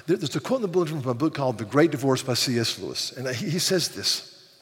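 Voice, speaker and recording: A man's voice: mid-range voice, very animated, fast, a bit bright. An older man preaching a sermon, earnest, often repeating words as he builds emphasis. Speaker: pastor. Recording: long hall reverb.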